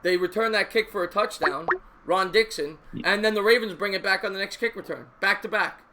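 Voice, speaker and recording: A man in his thirties with a New York accent hosts a live sports call-in show. His voice sits high and his chat is loose and repetitive. There is a clear layer of hiss and noise under the stream. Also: a little fast. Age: 30s. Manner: chatty, laughs easily, repeats himself.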